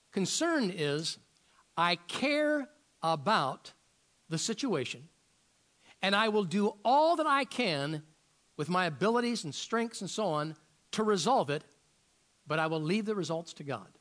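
A man's voice: sits high, sing-song, slow pace, pauses often, a bit bright. A man preaching a sermon as a pastor, firing off rhetorical questions and often repeating words as he searches for the next thought.

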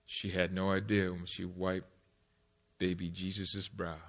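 A man in his forties preaching an energetic sermon with comic stories, laughing often and shouting at the peaks. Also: deep voice, unhurried.

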